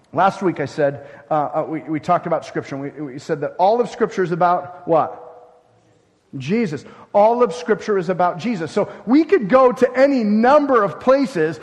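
A man delivers a sermon from the pulpit, his pitch sitting high for a man. He is emphatic, rising to loud declarations and dropping to hushed phrases. His voice carries a long reverb, as in a large church. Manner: emphatic, with wide swings between loud and hushed. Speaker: pastor.

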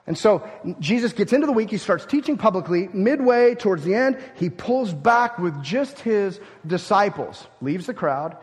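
Pastor preaching in an echoing hall. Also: male voice, high-pitched, animated, normal speed, hardly any pauses. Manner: emphatic, swings between loud stresses and quiet asides. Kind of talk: sermon. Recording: long hall reverb.

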